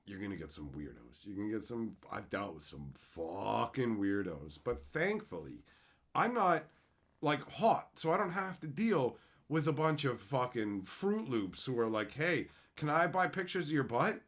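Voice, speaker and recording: Animated, foul-mouthed man ranting. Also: mid-range voice. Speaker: card-opening show host. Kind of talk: casual livestream chat.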